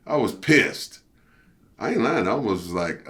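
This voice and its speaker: A middle-aged man, a former pro wrestler, telling stories in a casual interview, animated and profane, peppered with "you know" and "see". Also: normal speed. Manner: animated storyteller, jumps high for quoted outbursts.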